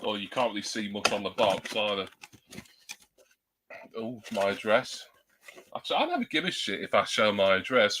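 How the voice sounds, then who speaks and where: A man with a low, bright and forceful voice chats on a home live stream into a desktop USB mic. He rambles, fills gaps with ums and pokes fun at himself. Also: animated, normal speed, long pauses. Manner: rambling, chatty, self-deprecating, many ums. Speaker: livestreamer. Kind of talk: casual live-stream chat. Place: at home at a computer. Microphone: new desktop USB microphone.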